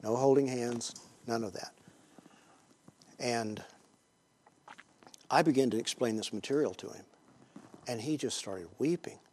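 A Christian teacher, a man, preaches a storytelling sermon to a group in a conversational, halting way. He pauses often, uses many fillers, and swings between hushed tones and loud emphasis; his pitch is medium and there's slight background noise.

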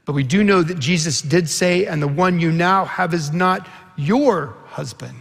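Man, pastor, sermon, earnest storytelling, slightly high voice, gravelly edge. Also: a little slow, fairly bright tone, long reverb tail. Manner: earnest storytelling preacher, quoting scripture with rising intensity.

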